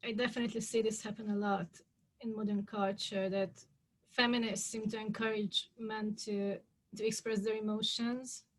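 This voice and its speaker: A woman interviewer asking questions in a measured, conversational way. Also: mid-range voice, little pitch movement.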